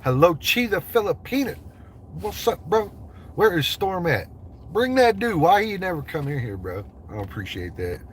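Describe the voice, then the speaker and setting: A man's voice: a little high, very animated, normal speed, a bit bright, a little hiss or hum. A man from the United States in a vehicle, chatting with his livestream viewers in loose, profane, joking banter. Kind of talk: casual livestream chat.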